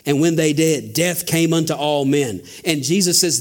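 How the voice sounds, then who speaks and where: A man's voice: a little high, normal speed, hardly any pauses. A man preaching a sermon as a pastor, asking rhetorical questions and building emphasis. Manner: father.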